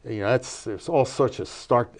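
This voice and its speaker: An older man telling a family story in a relaxed interview, with many fillers and restarts. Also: medium pitch, normal speed. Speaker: interview guest, cinematography professor.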